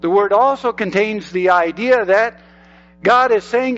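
A man's voice: sits high, measured pace, fairly bright tone, dull audio, faint music behind. An older man preaching a sermon as pastor, emphatic and repeating phrases for effect.

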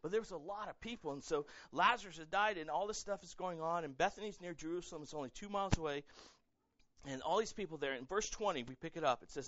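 A male pastor preaching a sermon in a casual, animated way, acting out quotes and repeating words as he talks. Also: on the high side, quick pace, dull audio. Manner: animated, conversational, acts out quotes, many fillers and repeats.

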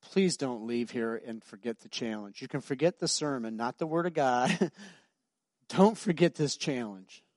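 Casting: middle-aged male pastor, emphatic conversational sermon, mid pitch, dry close sound. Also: expressive, normal speed, a little mellow, dry recording. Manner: emphatic, repetitive, conversational storytelling.

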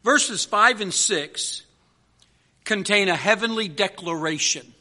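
A man preaching a sermon as pastor, building rhythmic repeated lists and slowing down to stress key words. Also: high voice, sharp tone.

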